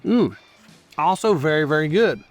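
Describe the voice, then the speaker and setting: A man's voice: a little high, lively intonation, normal speed, faint music behind. A middle-aged man hosting a barbecue cooking show outdoors at a grill, chatting enthusiastically and straight to his viewers as he tastes. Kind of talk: casual cooking and tasting commentary.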